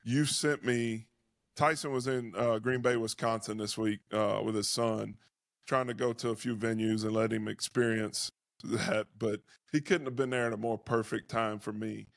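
A man's voice: fairly low pitch, fairly even intonation, normal speed, creaky, no echo, studio quality. A middle-aged man hosting a podcast, a former pro football player, chatting in easygoing, teasing banter. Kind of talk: casual podcast chat.

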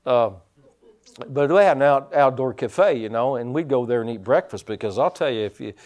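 A man preaching a sermon as pastor, folksy, telling stories and swinging his loudness up and down, from the United States. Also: medium pitch, lively intonation, moderate pace. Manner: folksy storytelling preacher, rising and dropping loudness.

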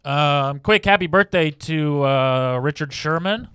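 A young man co-hosting a podcast in casual chat, dry and joking as he reads birthday shout-outs into a close mic. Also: fairly high pitch, a little slow, smooth, no room sound. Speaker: podcast co-host.

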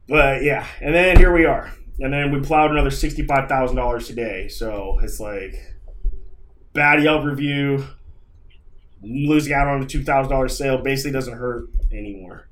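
A man's voice: mid-range voice, normal speed, fairly bright tone. Man venting in casual podcast chat. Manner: rambling, profane storytelling; frustrated venting.

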